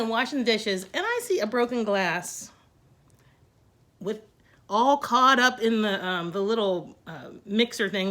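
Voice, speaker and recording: A middle-aged woman chatting to camera from home, rambling and poking fun at herself, her pitch often jumping up for emphasis. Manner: chatty and rambling, self-mocking, with lively swings in pitch. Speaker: vlogger. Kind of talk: casual talk to camera.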